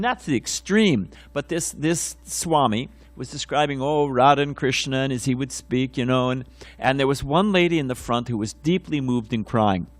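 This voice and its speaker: A man's voice: medium pitch, dry recording. An older man giving a casual morning class at a temple, telling anecdotes in a rambling way with many fillers and restarts. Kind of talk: informal temple lecture with anecdotes. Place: temple lecture hall.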